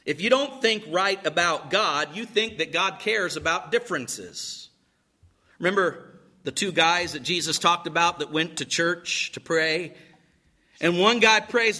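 A man's voice: a little high, a little slow. A man preaching a sermon, telling stories dramatically and repeating words as he starts phrases. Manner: dramatic storytelling, swings between loud and hushed. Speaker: pastor.

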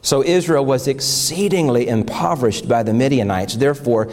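A man's voice: lowish voice, fairly quick, few pauses, darkish tone. A middle-aged male pastor preaching, reading scripture aloud and telling of his morning, with emotional, fervent swells.

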